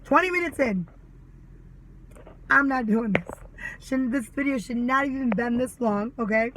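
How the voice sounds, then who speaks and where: A woman's voice: on the high side, normal speed, noisy background. A mother ranting angrily to camera, sarcastic and full of swearing. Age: adult mother. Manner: heated, sarcastic, swears a lot. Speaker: vlogger. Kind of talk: angry ranting monologue.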